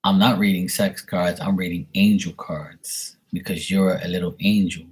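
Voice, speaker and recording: A young man hosting a live stream, reading angel cards and chatting with viewers in a relaxed, rambling way. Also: low-pitched, normal speed, slightly rough. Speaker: livestream host doing card readings.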